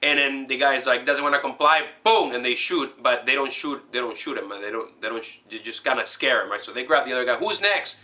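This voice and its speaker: A man excitedly recapping a movie scene in a rambling, casual way, full of fillers and restarts. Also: mid-range voice, fast, few pauses. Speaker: movie fan recapping a film.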